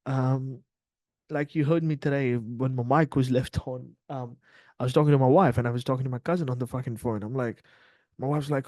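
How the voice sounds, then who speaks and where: A man's voice: medium pitch, steady tone, brisk, mellow, dry recording. A man talking casually as a trading mentor on a livestream, blunt and profane, acting out little quoted exchanges.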